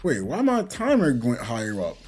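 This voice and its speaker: A man's voice: mid-range voice, wildly swooping pitch, moderate pace, darkish tone, breathy edge, faint music behind. A young man, a gaming channel host, talking casually and reflectively while he plays, rambling and chuckling between points. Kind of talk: casual talk while playing a game.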